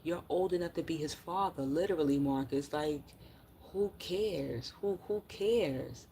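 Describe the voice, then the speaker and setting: Low-voiced woman ranting on a livestream, cussing a lot, faint hiss behind her. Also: normal speed, warm tone. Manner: blunt, profane, exasperated; reads chat comments aloud. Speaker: livestream commentator.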